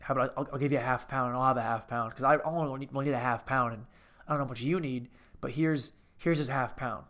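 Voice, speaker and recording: A man voicing a kindly male butcher in a comedy story, speaking gently, a little lower and quieter. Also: fairly even intonation, quick pace, natural voice. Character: kindly male butcher sharing his bacon.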